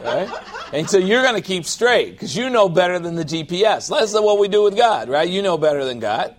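A man's voice: high voice, expressive, brisk. A pastor preaching a sermon in a loose, conversational style, calling for amens from the congregation and briefly mimicking people as he talks.

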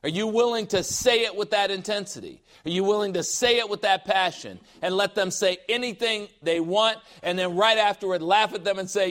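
A man preaching a sermon in a forceful, emphatic way, firing rhetorical questions and mocking the objections of skeptics. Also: high voice, normal speed.

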